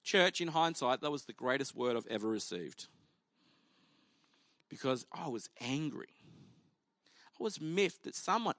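A man's voice: medium pitch, sing-song, measured pace, pauses often, fairly bright tone, no echo. A male pastor preaching a sermon in a conversational, humorous way, acting out the people in the story as he tells it.

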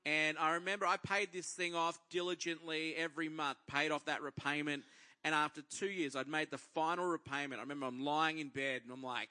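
A man in his thirties tells a testimony from the pulpit, his voice pitched a little high and strikingly bright. He is an animated storyteller who acts out his own inner dialogue as he preaches. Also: fairly quick. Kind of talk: personal testimony to a congregation.

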